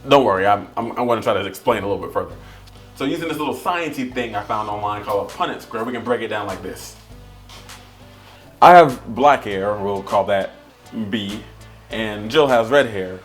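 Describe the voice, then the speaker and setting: A man's voice: fairly low pitch, expressive, moderate pace, faint music behind. A man vlogging to camera, explaining things in a casual, playful and self-deprecating way. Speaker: family vlogger.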